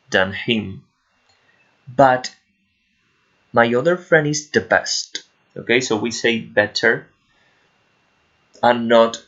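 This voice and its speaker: A man's voice: fairly low pitch, vocal fry, a bit bright. A man with a Spanish accent teaching an English grammar lesson to children, patiently checking in with "okay?" after each point. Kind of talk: online lesson explaining grammar to pupils. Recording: muffled lo-fi sound.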